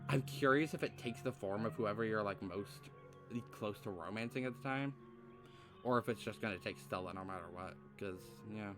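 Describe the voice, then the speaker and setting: A man with a lowish voice streams a story game, reading dialogue aloud and musing between choices. His talk is loose and full of fillers and curses, with soft music playing under him. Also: normal speed. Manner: swears often, thinks aloud with many fillers.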